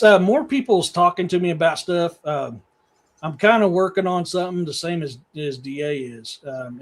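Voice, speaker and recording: A middle-aged man from Missouri, a podcast guest who tells long rambling stories in casual chat. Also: on the high side. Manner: rambling storyteller, talks to his dogs mid-sentence.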